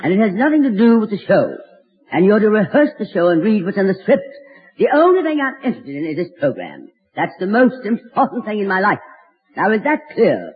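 A woman's voice: mid-range voice, sing-song, a little fast. A woman from Alabama hosting a scripted radio comedy show, theatrical and drawling, calling everyone darling. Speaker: radio variety show host. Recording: muffled old radio broadcast. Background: loud studio audience laughter.

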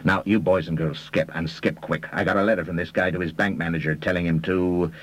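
A man voicing a brash, slangy American male con man with a fast-talking swagger. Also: deep voice, fairly even intonation, fairly bright tone, rough recording.

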